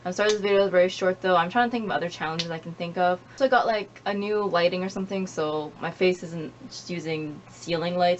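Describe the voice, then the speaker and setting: A woman's voice: medium pitch, brisk. A young woman rambling casually to camera in a home vlog, apologetic and self-deprecating. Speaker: YouTuber. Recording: dull lo-fi home recording with faint hiss.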